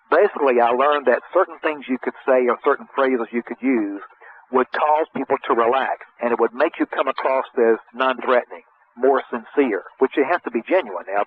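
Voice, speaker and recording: Folksy sales trainer on a phone line. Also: male voice, medium pitch. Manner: folksy, animated, acts out sales dialogue in raised voice. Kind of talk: conversational coaching talk. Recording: tinny phone-line sound with faint hiss.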